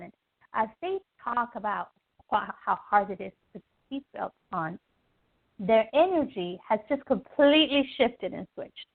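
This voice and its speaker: A woman's voice: mid-range voice, moderate pace, gravelly. A woman guest on a podcast, talking through everyday lessons in a casual teaching style, acting out little scenes and checking in with "okay?". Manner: animated, acts out little scenes in quoted voices; repeats "okay?" to check in with the listener. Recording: tinny phone line.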